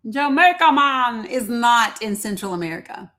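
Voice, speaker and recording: A woman with a fairly high voice hosts a live stream in casual debate. She is teasing and skeptical, laughing often. She presses her caller with the same pointed questions again and again. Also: expressive, normal speed, sharp tone. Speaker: livestream host.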